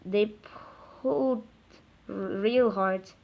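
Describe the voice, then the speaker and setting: Halting woman reading a kids' book. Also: medium pitch, creaky, lo-fi sound, noisy background. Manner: halting, with stumbles and self-corrections. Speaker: reader. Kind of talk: reading a children's book aloud.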